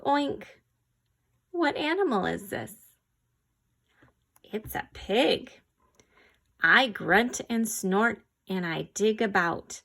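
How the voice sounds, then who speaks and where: A woman's voice: medium pitch, creaky. A woman reading a children's picture book about farm animals aloud, asking simple questions and imitating animal sounds. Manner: slow, gentle read-aloud with animal sounds and quiz questions. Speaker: reader.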